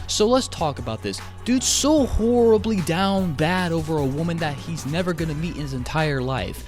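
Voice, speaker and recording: A man's voice: on the high side, animated, normal speed, darkish tone, soft background music. A man ranting in an online commentary video, exasperated and swearing heavily as he jumps between tangents. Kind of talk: profane commentary rant.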